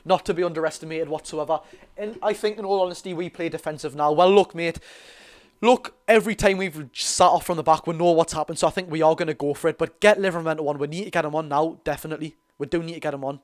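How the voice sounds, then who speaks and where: A teenage man with a Geordie accent giving a live fan commentary on a football match, talking to his chat, his voice going hoarse. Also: a little high, fast. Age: teens. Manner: excitable, chatty, calls the play and talks to chat. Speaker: fan watch-along host.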